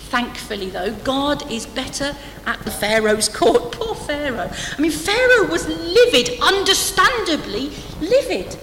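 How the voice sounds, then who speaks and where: A woman's voice: high-pitched, sing-song, normal speed, hardly any pauses, fairly bright tone, slight background noise. Witty woman preaching in an echoey hall. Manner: humorous, conversational, addresses the congregation as church. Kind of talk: sermon. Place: church hall. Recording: echoey church hall, faint ambience.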